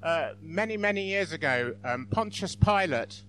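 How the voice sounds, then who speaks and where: A man's voice: a little high, animated, normal speed, a bit bright, a little hiss or hum. A man giving an informal church talk, self-deprecating and apologetic with frequent chuckles. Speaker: church speaker.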